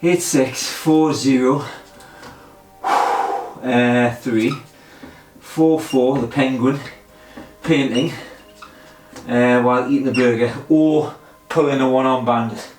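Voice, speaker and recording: A man's voice: medium pitch, fairly even intonation, slow, pauses often, darkish tone. A man talking to himself during a workout, chuckling and self-mocking, out of breath, recorded in an echoey room with faint music. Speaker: vlogger doing a memory and pull-up challenge. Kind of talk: casual self-talk while exercising.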